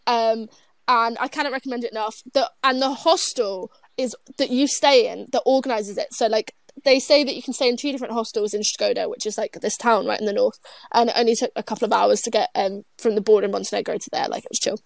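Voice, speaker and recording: A woman's voice: a little high, steady tone, fast talker, gravelly, dry recording. A woman, chatting casually as a guest, giggly and rambling with lots of restarts. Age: 20s. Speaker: guest, traveler. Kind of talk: casual chat.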